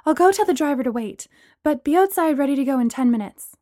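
A woman's voice: high voice, expressive, fast, warm tone, no echo, studio quality, voice pushed up. A woman voicing a cheerful, flustered young hostess in a read-aloud story.

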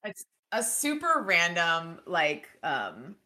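A woman's voice: on the low side, huge pitch swings, slow, pushed and bright. A woman co-hosting a book podcast, chatting casually and reading passages aloud from the novel.

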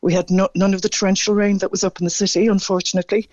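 Halting, emotional male caller on a phone line. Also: high voice, flat delivery, darkish tone, dry recording. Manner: halting, stammering, moved. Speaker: radio caller. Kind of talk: phone-in radio chat.

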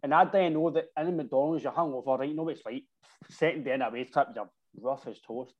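A man's voice: mid-range voice, fast, highs cut off. Scottish man rambling through a story. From Scotland. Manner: rambling anecdotes with slang and frequent "right?". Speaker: football supporter telling stories. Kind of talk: casual chat.

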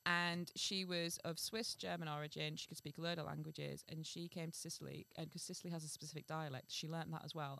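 A woman's voice: low voice, creaky, a bit bright. A woman co-hosting a comedy podcast, chatting and laughing as she reads a fairy tale aloud. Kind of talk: casual chat and storybook reading.

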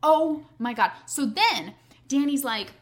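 A young woman chatting casually, telling an animated story, swearing freely and acting out what others said. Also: high-pitched, slow pace. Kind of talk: casual chat.

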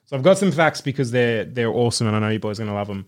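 A man's voice: mid-range voice, animated, rapid-fire, darkish tone. A man co-hosting a casual film podcast, reading out facts with enthusiasm and frequent laughter. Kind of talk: casual chat.

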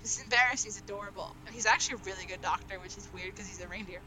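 A young woman hosting a casual group chat over an online call. She talks in an excitable, rambling way and laughs often. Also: mid-range voice, rapid-fire, rough recording.

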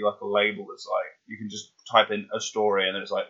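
A man's voice: fairly low pitch, level tone, fairly quick, hardly any pauses, sharp tone, dull audio. A man voice actor ranting between takes, sweary and exasperated.

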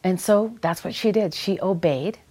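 Hosting a faith-based talk show, this ministry host with a Minnesota accent speaks in an earnest, enthusiastic, sermon-like style. Her fairly low voice is warm and husky, at a moderate pace.

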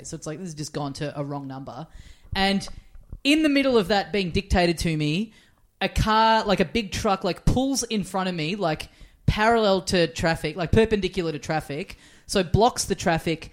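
An Australian man co-hosting a comedy podcast, telling stories in casual, animated chat with plenty of swearing. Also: high voice, moderate pace, hardly any pauses. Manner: animated storyteller, swears freely. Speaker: podcast co-host.

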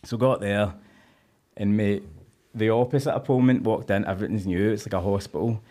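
A Scottish man with a fairly low voice shares his stories on a podcast. He talks in a candid, earthy way and keeps tossing in "mate" as he goes. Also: steady tone, moderate pace, dark tone. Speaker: podcast guest. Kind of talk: casual storytelling chat.

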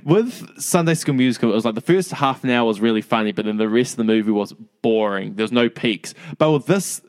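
A man's voice: mid-range voice, animated, a little fast, darkish tone, smooth, dry recording, clean studio sound. A man co-hosting a casual podcast chat, rambling with lots of "like" and wry asides. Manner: rambling, filler-heavy, wry. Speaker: podcast co-host.

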